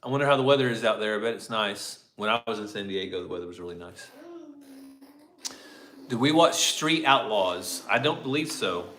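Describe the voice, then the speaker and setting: A man's voice: lowish voice, expressive, fairly quick, fairly bright tone. A man co-hosting a casual farm livestream, easygoing and greeting viewers by name. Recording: echoey room.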